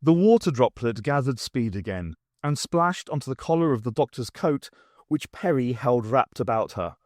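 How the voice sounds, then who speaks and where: Man, audiobook narration, expressive storytelling, animated pitch, dry close sound. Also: moderate pace, no room sound. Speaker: audiobook reader.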